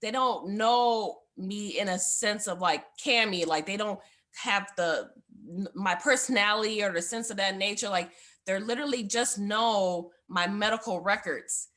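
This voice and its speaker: A woman's voice: mid-range voice, unhurried, fairly bright tone. A young woman, a guest on the show, giving a heartfelt personal testimony in a rambling way, full of fillers.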